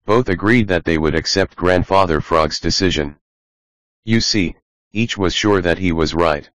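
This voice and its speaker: A man narrating a children's animal storybook audiobook in an even reading manner. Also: deep voice, measured pace, dry recording, poor audio. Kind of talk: scripted narration.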